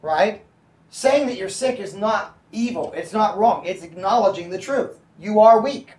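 Brief: male pastor, high voice, conversational Bible teaching, echoey room mic at a distance. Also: expressive, a little slow, darkish tone. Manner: conversational, checks in with the audience.

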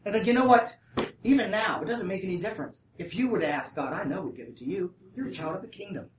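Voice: medium pitch, lively intonation, fast, a little hiss or hum. Bible study leader reading scripture and explaining it, casual and talkative, asks the group questions, set back from the mic in an echoey room. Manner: reads scripture aloud, then breaks off to explain casually; often checks in with listeners. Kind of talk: conversational Bible study teaching. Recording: roomy, distant mic.

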